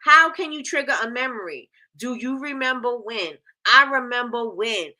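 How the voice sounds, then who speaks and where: Woman hosting a live stream, kinda high bright voice, animated, acts out little customer bits. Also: moderate pace, few pauses. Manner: animated, conversational, acts out customer voices, repeats "you know what I'm saying". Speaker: host of a live business coaching stream. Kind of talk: live-stream coaching talk.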